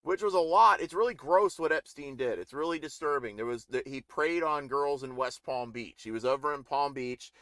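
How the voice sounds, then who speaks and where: A man's voice: mid-range voice, moderate pace, hardly any pauses, bright, forceful tone, no echo, clean studio sound. A middle-aged man ranting in a casual political live stream, rambling and indignant with many restarts.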